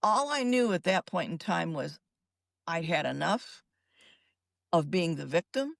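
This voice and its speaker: A woman's voice: on the low side, big pitch swings, measured pace, creaky, dry recording. An older woman, a psychologist, telling her own story in an interview in an emphatic, earnest way. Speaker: guest psychologist.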